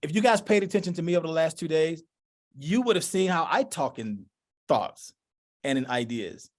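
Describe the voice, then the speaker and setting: A man leading a parenting workshop, talking in loose, animated thoughts and acting out quotes as he answers questions. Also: fairly high pitch, moderate pace. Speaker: workshop presenter. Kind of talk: lively workshop talk. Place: workshop room.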